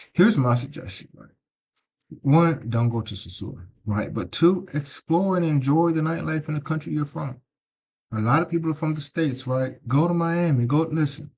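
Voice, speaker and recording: A man's voice: medium pitch, darkish tone. A middle-aged man vlogging outdoors on the street, talking into a handheld phone in a preachy way and tagging his points with "right?". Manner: preachy, repeats himself, tags lines with "right?". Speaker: travel vlogger. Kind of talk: casual walking vlog to camera.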